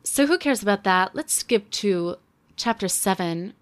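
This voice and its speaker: A woman in her twenties reviewing a book in casual commentary, with sarcastic deadpan asides. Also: medium pitch, a little slow, clean tone.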